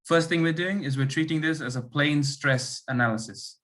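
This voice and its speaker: A man demonstrating an engineering lab to students over a video call. He explains step by step. He pauses often to ask whether everyone is following. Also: on the high side, a bit bright. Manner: checks understanding with frequent "okay" and "right". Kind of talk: online engineering lab class.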